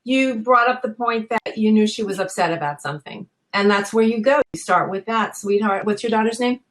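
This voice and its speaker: A woman parenting coach in a casual panel discussion, giving calm, measured advice. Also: fairly high pitch, low-quality recording.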